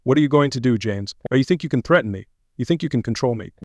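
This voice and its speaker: A man's voice: mid-range voice, fast, dry recording, close to an everyday voice. A man voicing a coolly mocking secretive wife. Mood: venomous. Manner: soft, mocking, then venomous. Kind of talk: audio story character voice.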